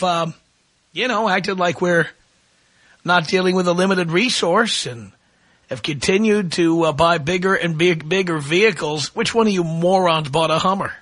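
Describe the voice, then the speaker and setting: Ranting high-voiced radio host man. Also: normal speed, fairly bright tone, dry recording. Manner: ranting, mocking, sarcastic. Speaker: radio talk show host. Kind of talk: opinionated talk radio monologue.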